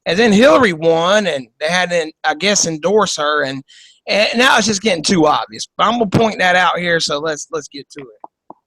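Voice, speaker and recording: A man's voice: high voice, animated, normal speed, a bit bright, no echo, rough recording. A man hosting a podcast, giving casual political commentary in a profane, joking, rambling way over a video call. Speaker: podcast host.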